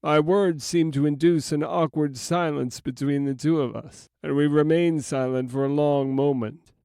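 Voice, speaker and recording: Man reading a period audiobook, smooth clear voice, slow solemn delivery, dry close mic. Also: a little high, steady tone, darkish tone, no room sound. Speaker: audiobook narrator and author. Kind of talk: first-person audiobook narration.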